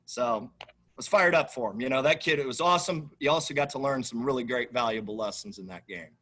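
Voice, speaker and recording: A man, a head football coach, answering questions at a press conference in an emphatic, animated way that repeats itself. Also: mid-range voice, fast.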